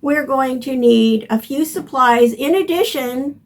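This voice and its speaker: An older woman hosting a home gardening lesson, explaining step by step in a plain, unhurried way. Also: high voice. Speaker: gardening channel host. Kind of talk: instructional gardening video.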